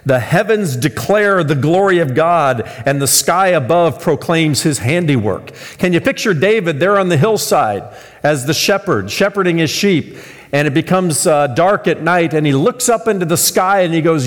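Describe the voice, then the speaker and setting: American male pastor, sermon, fairly high voice, lively storyteller, reverberant hall. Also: normal speed. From United States. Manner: storytelling, animated with shouted punchlines.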